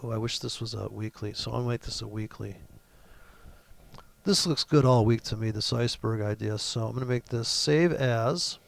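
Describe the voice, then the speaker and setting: Over a screen-shared trading chart, a man rants in a medium-pitched voice at a normal speed with vocal fry. His commentary is brash, full of swearing and mockery, recorded with no room sound.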